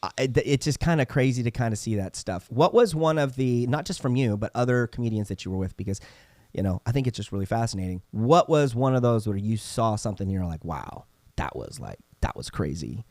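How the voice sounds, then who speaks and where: A man's voice: medium pitch, quick pace, no room sound. A man co-hosting a podcast, telling stories in casual chat and acting out the voices he quotes. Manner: animated, acts out quoted voices. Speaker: podcast co-host.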